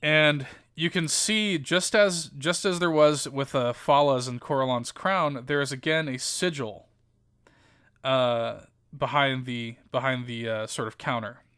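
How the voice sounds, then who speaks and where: Slow-paced male game master, bright and crisp voice, dry close sound. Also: mid-range voice, no echo. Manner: descriptive, halting with fillers. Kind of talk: narrating a tabletop game.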